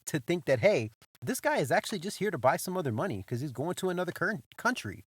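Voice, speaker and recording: A young man hosting a podcast, telling a story in a loose, animated way, full of swearing and "bro", circling back and repeating himself. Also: a little high, fast, hardly any pauses, breathy edge, dry recording, studio quality. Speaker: podcast host. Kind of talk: casual storytelling monologue.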